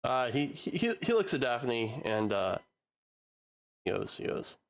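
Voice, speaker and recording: A man running a tabletop game as game master, narrating in a casual, halting way with many restarts. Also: mid-range voice, big pitch swings, gravelly. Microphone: home streaming mic.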